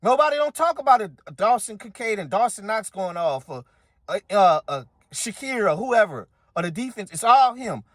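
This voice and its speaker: Speaking in a high, sing-song, fairly bright voice at a moderate pace, this man hosts a sports channel and delivers a heated opinion rant directly to viewers. He keeps repeating his points, and the studio-quality recording has no room sound.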